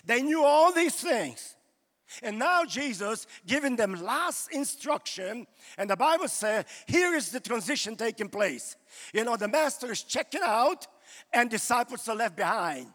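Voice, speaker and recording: A man's voice: very high voice, sing-song, normal speed, pushed and bright, in a large hall. A male pastor preaching a sermon in a loose, conversational way, full of "you know" fillers, recorded live in a church.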